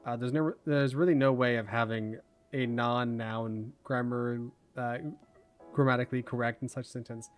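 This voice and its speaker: A man hosting a livestream, chatting casually and rambling, his words running together when he talks fast. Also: medium pitch, fairly even intonation, faint music behind. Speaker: livestream host.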